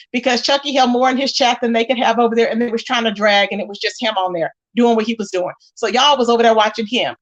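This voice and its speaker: Sassy high-voiced woman spilling gossip. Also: lo-fi sound. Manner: sassy, emphatic, rhetorical questions to viewers. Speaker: commentary channel host. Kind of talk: casual gossip commentary.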